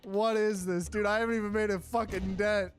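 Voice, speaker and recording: A gamer giving casual let's-play commentary, excitable and quick to panic, repeating exclamations and swearing. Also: medium pitch, soft background music.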